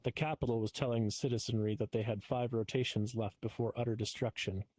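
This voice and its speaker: A man's voice: medium pitch, steady tone, fast talker, darkish tone, dry recording. Man narrating a story, dry sound. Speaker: improv performer.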